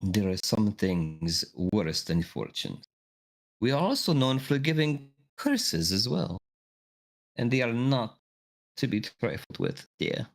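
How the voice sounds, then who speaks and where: A man voicing an older female fortune teller, mysterious and ominous, with a slow, theatrical put-on accent. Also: mid-range voice, very animated, creaky, heavily acted. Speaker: game master.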